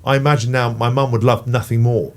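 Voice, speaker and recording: A man's voice: mid-range voice, fairly quick. A middle-aged man from England, a podcast guest, chatting casually about parenting and swearing freely. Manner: swears freely, animated when ranting. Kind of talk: casual chat.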